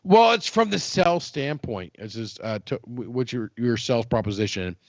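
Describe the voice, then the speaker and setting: A man's voice: medium pitch, lively intonation, normal speed, dry recording, dull audio. Rambling, joking man on a podcast. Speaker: podcast co-host. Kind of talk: casual podcast chat.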